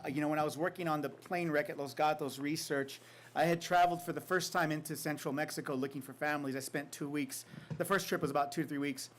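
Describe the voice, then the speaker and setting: Fairly high-voiced man reading and telling stories. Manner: reflective, unhurried, with casual fillers and laughs. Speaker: author giving a faculty reading. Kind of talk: poetry reading and storytelling.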